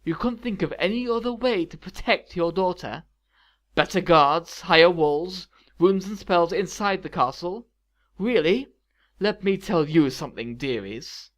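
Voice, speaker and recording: A theatrical female sorceress villain sneers and scolds with grand, dramatic flair, as a male reader puts her on. The voice sits a touch high and leans into every flourish, in a storybook-style reading. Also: expressive, moderate pace, natural voice. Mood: furious. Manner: dramatic, sneering, rising to fury. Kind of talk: audiobook reading of fan fiction.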